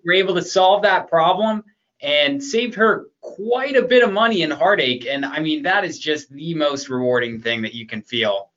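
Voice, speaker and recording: Bright-voiced male host, lo-fi audio. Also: fairly high pitch, lively intonation, normal speed. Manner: affirming, enthusiastic interviewer. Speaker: show host. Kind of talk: interview hosting.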